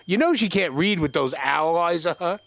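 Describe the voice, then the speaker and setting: A man's voice: fairly high pitch, lively intonation, normal speed, a bit bright, no room sound. A man hosting an open mic on a club stage, bantering and teasing before bringing up the next comic. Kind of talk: introducing comics.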